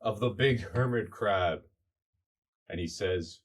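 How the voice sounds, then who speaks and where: A man hosting a comedy podcast, narrating an improvised story in a relaxed, chatty way. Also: fairly low pitch, takes it slowly, pauses often. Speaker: podcast host.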